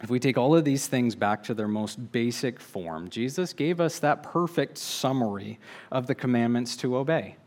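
In an earnest, measured sermon, a man slows down to stress key phrases. His voice is medium in pitch with a darkish tone.

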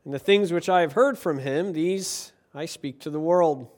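A man preaching as a pastor, reading scripture and telling jokes in an animated, swinging delivery. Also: fairly high pitch, moderate pace. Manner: animated, jokey storytelling, swings from quiet to loud. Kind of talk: sermon with Bible reading and jokes.

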